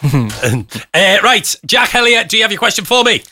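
Bright, lively radio host. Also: male voice, sits high, moderate pace, a little hiss or hum. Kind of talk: casual radio banter.

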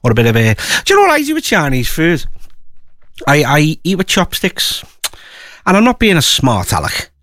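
A man's voice: a little high, huge pitch swings, normal speed, pauses often, fairly bright tone, no echo, studio quality. A man presenting a local radio show, rambling and chatty with many fillers and asides. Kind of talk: casual radio chat.

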